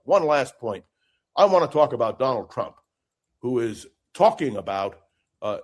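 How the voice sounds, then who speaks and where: Male political commentator, talk-radio guest, fervent and declamatory, mid-range voice. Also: medium pitch. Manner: impassioned, emphatic, speechmaking.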